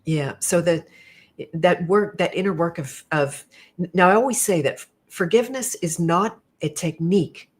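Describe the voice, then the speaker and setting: A woman hosting a livestream conversation, explaining ideas in a thoughtful, measured way. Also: lowish voice, slightly rough. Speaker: host. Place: indoor studio.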